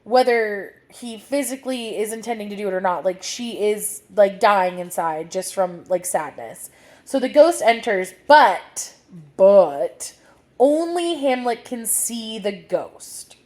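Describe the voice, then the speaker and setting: A woman's voice: mid-range voice, animated, slow pace, darkish tone. A young woman explaining a play in a casual lesson, chatty and full of "like" fillers, with the hiccups. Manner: chatty, many "like" fillers, reads quotes aloud. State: has the hiccups. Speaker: literature teacher. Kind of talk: casual analysis with dramatic readings.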